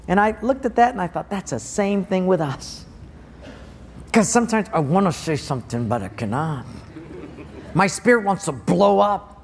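A man's voice: high-pitched, expressive, normal speed, a little mellow, breathy edge. A man preaching a sermon, telling stories and acting out people's voices with big jumps in his tone. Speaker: pastor. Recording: long hall reverb.

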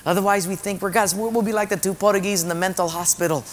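High-voiced pastor in a reverberant church. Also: male voice, fairly even intonation, fast talker, slight background noise. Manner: emphatic, repeats phrases, addresses the congregation. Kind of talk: sermon.

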